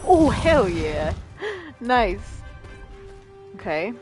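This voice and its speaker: A woman's voice: mid-range voice, big pitch swings, very slow, music in the background. A woman streaming a video game, chatting casually, laughing often and reading lines aloud. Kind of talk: casual gameplay commentary.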